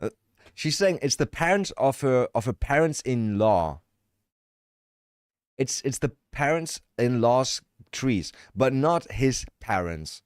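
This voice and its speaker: A man's voice: fairly low pitch, dry recording, clean studio sound. A man livestreaming, reacting to videos with joking, profane live commentary.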